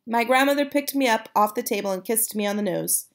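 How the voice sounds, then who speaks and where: A woman reading a children's book aloud, with a relaxed, casual sign-off. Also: a little high, brisk, hardly any pauses. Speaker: storybook reader.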